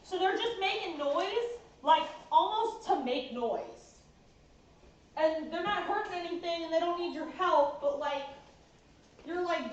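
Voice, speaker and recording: A woman's voice: extremely high pitch, a little slow, a little mellow, distant mic, slight background noise. A woman dog breeder chatting casually in a vlog, full of fillers, playfully scolding and cooing at her puppies in an indoor puppy room. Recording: echoey room, voice from afar, dull sound.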